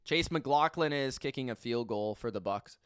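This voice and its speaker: With a medium-pitched, clean-toned voice at normal speed, a man hosts a live sports reaction stream. He swears through the play-by-play, going from mutters to yells and repeating things in disbelief.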